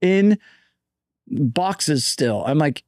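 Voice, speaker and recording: High-voiced man telling wild stories. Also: animated, very slow, darkish tone, dry recording, clean studio sound. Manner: laughing, swearing, casual slang. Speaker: podcast guest. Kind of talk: animated storytelling.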